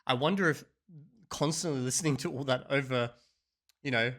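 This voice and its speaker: A man's voice: medium pitch, moderate pace, a bit bright. A man hosting a reaction video, thinking aloud in casual commentary and trying out sounds himself.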